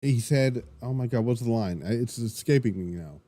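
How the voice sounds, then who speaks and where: A man talks through a wrestling recap on his podcast, rambling and excitable, restarting sentences and swearing freely. His voice is mellow and relaxed. The recording is dry and close. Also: mid-range voice, moderate pace, no room sound. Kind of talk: casual solo recap.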